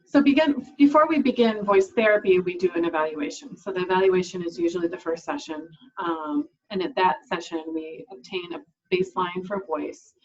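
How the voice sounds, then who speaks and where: A woman's voice: on the low side, expressive, normal speed, hardly any pauses, dull audio. A woman speech language pathologist giving an explanatory talk to camera, with frequent fillers and restarts.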